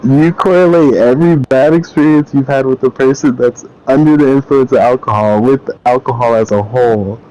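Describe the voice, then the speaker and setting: A man chimes into a casual game chat with dry, teasing remarks. His tone is dark and mellow. The line sounds dull and lo-fi. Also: mid-range voice, normal speed, hardly any pauses.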